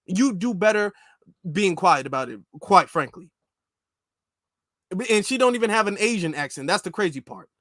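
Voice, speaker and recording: A man's voice: high-pitched, lively intonation, moderate pace, long pauses, sharp tone, no echo, studio quality. A man hosting an opinion commentary show, reacting to clips in an indignant, emphatic way and repeating his points. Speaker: commentary channel host.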